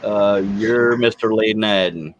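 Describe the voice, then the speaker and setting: A man's voice: fairly low pitch, takes it slowly, dull audio, slight background noise. A man on a chat panel trading playful jokes in casual banter. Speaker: panel member.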